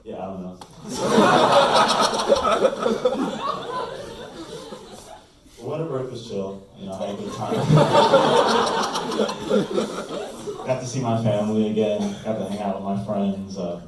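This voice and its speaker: A man's voice: lowish voice, lively intonation, measured pace. Young male open-mic comic, rambling and self-deprecating; distant mic, roomy, noisy. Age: young adult. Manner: rambling, self-mocking storytelling. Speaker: stand-up comic. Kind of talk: open-mic stand-up set. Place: small comedy room with live audience. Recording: echoey room, far mic, noise.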